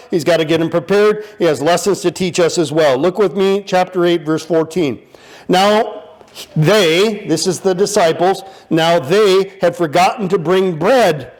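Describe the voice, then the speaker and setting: A high-pitched male pastor delivers a lively sermon, playful and animated, acting out the disciples in funny voices.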